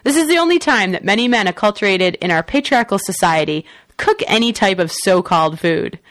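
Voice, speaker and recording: A woman co-host reads the news on a talk radio show, dry and close to the mic with no room sound. She delivers at an average pitch, slipping sarcastic, opinionated asides between the stories. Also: expressive, a little fast, fairly bright tone, no echo. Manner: wry, sarcastic, laughs with a cackle.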